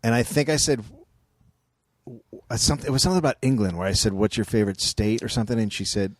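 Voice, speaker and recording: A man who is a guest on a podcast, telling stories in a wry, deadpan way during casual chat. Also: mid-range voice, fast talker, dry recording. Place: home studio.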